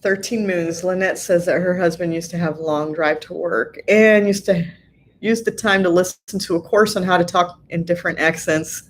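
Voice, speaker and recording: A middle-aged woman from Southern California hosting a live stream, chatting casually as she reads viewer comments, laughing often and filling pauses with lots of ums. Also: on the low side, fairly even intonation, a little hiss or hum.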